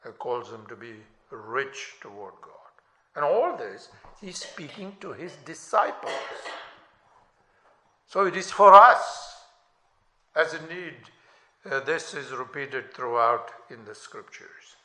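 A man preaching a sermon in a slow, deliberate way, lifting his voice sharply on scripture quotations. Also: mid-range voice, big pitch swings, sharp tone. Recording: echoey room.

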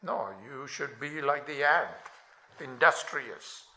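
A man preaching a sermon in a slow, deliberate way, lifting his voice sharply on scripture quotations. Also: medium pitch, lively intonation, sharp tone. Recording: echoey room.

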